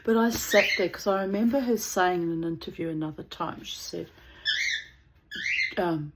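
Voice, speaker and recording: A woman's voice: lowish voice, moderate pace, long pauses, noisy background. A woman telling a rambling, digressive anecdote in casual chat, breaking into laughter often. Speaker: channel host.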